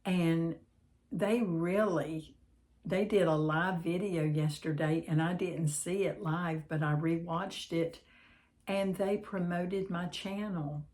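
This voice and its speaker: A woman hosting a devotional channel, reading a note aloud and then chatting in a gentle, unhurried way with pauses. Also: fairly low pitch, steady tone.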